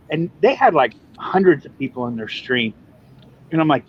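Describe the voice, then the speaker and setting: A man telling a story in casual chat, animated and mimicking other people's lines. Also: fairly high pitch, normal speed, husky. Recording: muffled lo-fi stream audio.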